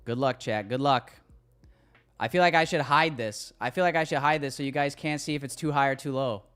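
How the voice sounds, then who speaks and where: A man's voice: mid-range voice, brisk, fairly bright tone, clean tone, faint music behind. A man hosting a live trading stream, chatting casually with viewers, loose and hyped, swearing now and then.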